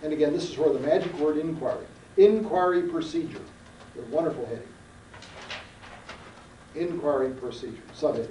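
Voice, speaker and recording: On a roomy archival tape captured from a distance, a man lectures a research seminar in a lecture room, quizzing his students in a folksy, emphatic way. His voice is fairly high and warm, and he talks fairly quickly but leaves long pauses. A little hiss or hum runs under the recording.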